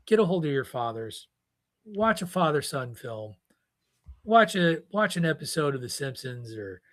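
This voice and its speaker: A middle-aged man hosting a podcast, telling stories in casual, animated chat and rambling with restarts. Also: fairly high pitch. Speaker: podcast host.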